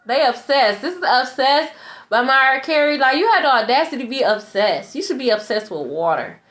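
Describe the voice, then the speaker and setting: A woman's voice: high voice, lively intonation, brisk, fairly bright tone. A young woman tarot reader ranting in a blunt, profane, repetitive monologue. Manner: blunt, profane, repeats herself.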